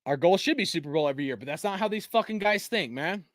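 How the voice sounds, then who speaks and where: A man's voice: high voice, lively intonation, fast, fairly bright tone, no echo, studio quality. A man hosting a fan channel, ranting in a casual, heated and profane way, with many restarts. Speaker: sports fan channel host.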